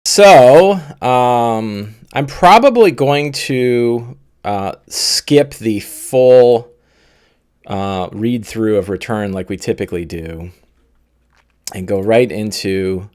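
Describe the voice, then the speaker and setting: Man, slightly hoarse, lowish voice, rambling with fillers, live game-prep host. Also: a little mellow. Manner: rambling, with many fillers and pauses. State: slightly losing his voice. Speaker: game master and channel host.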